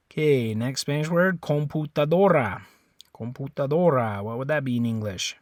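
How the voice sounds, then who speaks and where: A man teaching a beginner Spanish lesson in a relaxed, casual way, repeating words and pausing with fillers. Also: mid-range voice, no room sound.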